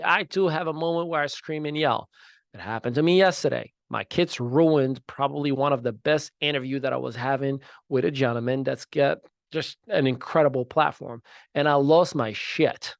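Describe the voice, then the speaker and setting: A man in his thirties hosting a podcast, giving an emphatic motivational talk that swings from loud to soft. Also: medium pitch, moderate pace, creaky, no room sound, clean studio sound. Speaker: podcast host.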